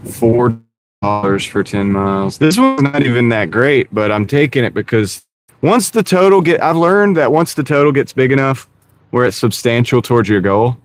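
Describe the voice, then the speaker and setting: A man's voice: medium pitch, normal speed. A man streaming live as a delivery driver, chatting casually with viewers by name and muttering over order offers while he drives. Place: inside a car while driving. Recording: steady car road noise. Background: car engine and road noise.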